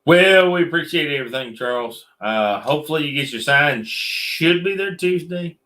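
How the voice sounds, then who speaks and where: A man's voice: a little high, lively intonation, normal speed, sharp tone. A man co-hosting a casual late-night livestream, joking and drawling in Southern style. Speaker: livestream co-host. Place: metal shop.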